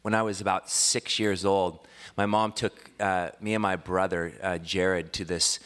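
A man in his thirties, originally from Washington State, preaching a sermon that mixes a relaxed personal story with rising, fervent scripture preaching. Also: deep voice, a little slow, clean tone. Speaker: pastor.

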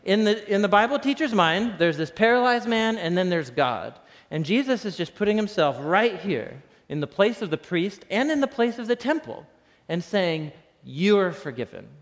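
Guy preaching, casual and laughy, kinda high voice, big echoey hall. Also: normal speed. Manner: casual, animated, laughs often. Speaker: pastor. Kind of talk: conversational sermon. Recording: long reverb in a hall.

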